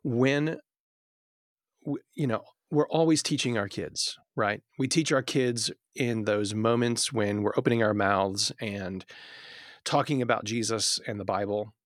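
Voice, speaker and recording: A man guest on a podcast conversation, telling stories in an animated, earnest way with many fillers and restarts. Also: fairly low pitch, measured pace, no room sound, clean studio sound. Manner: animated storyteller, acts out family scenes.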